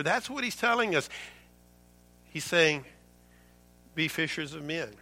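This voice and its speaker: A man's voice: fairly high pitch, animated, slow, long pauses, sharp tone. A man preaching a sermon to his congregation, quoting scripture and building his points with shifting intensity. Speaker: pastor.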